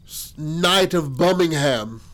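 A man's voice: on the high side, expressive, slow pace, fairly bright tone, voice pushed up. A man putting on a drunk young man's grand proclamation. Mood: pompous.

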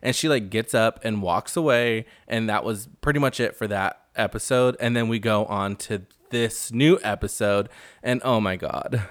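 A man's voice: lowish voice, normal speed, no room sound. Man, podcast host, gossipy recap, sassy and blunt, dry close sound. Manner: chatty, frequent "like", blunt and sassy asides.

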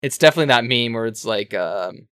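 Bright-voiced man rambling excitedly. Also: medium pitch, fast, smooth, no echo, clean studio sound. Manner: rambling, animated retelling with self-corrections and swearing. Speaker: podcast co-host explaining a game. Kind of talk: casual chat.

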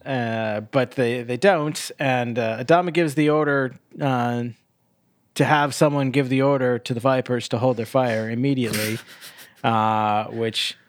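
A man's voice: medium pitch, steady tone, a little slow, dry recording. A man co-hosting a podcast, casually recapping a TV episode with lots of fillers and restarts. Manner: rambling, many uh fillers and restarts. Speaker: podcast co-host.

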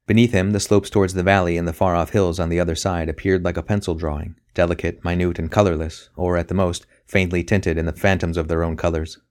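A man narrating a novel as an audiobook in a steady, measured reading. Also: low voice. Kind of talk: scripted narration.

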